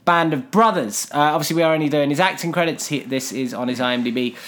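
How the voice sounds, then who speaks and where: A man hosts a comedy podcast and keeps nudging the conversation back on track with dry, laid-back remarks. His voice sits on the high side for a man. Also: quick pace, a bit bright. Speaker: podcast co-host. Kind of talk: casual comedy chat.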